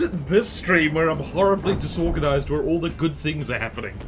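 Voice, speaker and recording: A man streaming a game live, chatting casually and reading chat, yelping and rambling excitably. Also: fairly high pitch, fairly quick, hardly any pauses, faint music behind.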